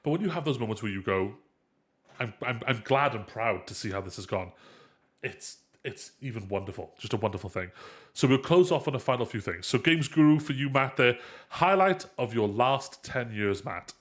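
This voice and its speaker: A man's voice: mid-range voice, animated, normal speed. A man hosting a casual live podcast, his voice congested and nasal-sounding. He rambles playfully, stumbling and restarting as he puts questions to his guests. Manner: rambling, self-correcting, playful. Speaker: podcast host.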